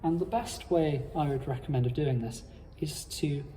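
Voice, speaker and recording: A man explaining how to cantor psalms in a measured, formal instructional talk. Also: fairly high pitch, dark tone, in a large hall, slight background noise. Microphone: playing his own accompaniment.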